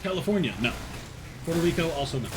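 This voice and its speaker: A man's voice: a little high, animated, brisk, noisy background. Chatty young man, faint Southern lilt. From northern Alabama, US. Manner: chatty, laughs often, answers chat between plays. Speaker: game streamer. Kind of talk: casual live-stream chat while gaming.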